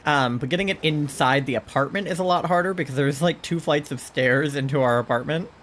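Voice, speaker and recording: A man's voice: a little high, brisk, a bit bright, slight background noise. A man streaming a game, chatting casually and rambling, with frequent swearing and lots of "like" and "um". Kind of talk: casual chat while gaming.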